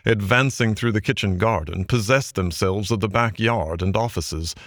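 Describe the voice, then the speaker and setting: Brief: male audiobook narrator, low voice, measured and expressive, dry close sound. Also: no echo. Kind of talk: storybook narration.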